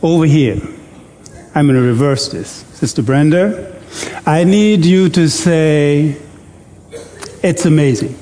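A long reverb tail follows a male preacher with a mellow, fairly high voice as he leads an interactive church sermon. He jokes, prompts call-and-response from the congregation, and reads scripture with slow deliberation.

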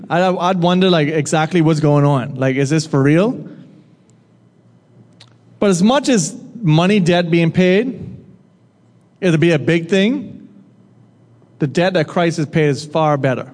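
A man delivering a sermon with a slightly raised pitch, talking to the room as if chatting with it. He puts questions to the crowd and teases them now and then. His voice rings out with a long reverb, as in a large hall. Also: lively intonation, normal speed, pauses often, a little mellow. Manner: conversational, asks the audience questions and jokes with them. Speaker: preacher.

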